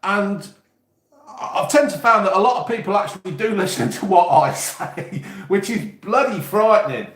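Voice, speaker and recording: A man's voice: high voice, expressive, normal speed, a bit bright, roomy sound. Sweary rambling East Midlands man. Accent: East Midlands English. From England. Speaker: YouTube host. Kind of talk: casual live-stream chat.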